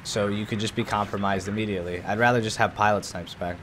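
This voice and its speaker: Low-voiced man joking while gaming. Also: fairly even intonation, fast, fairly bright tone, slight background noise. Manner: playful, joking banter. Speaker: podcast co-host. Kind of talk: casual gaming chat.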